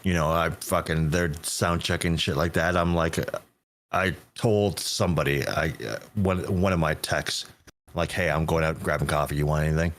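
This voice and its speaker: Man, very low voice, touring stage tech, casual and foul-mouthed. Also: steady tone, normal speed, a bit bright, a little hiss or hum. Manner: swearing, laid-back anecdotes. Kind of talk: casual podcast chat.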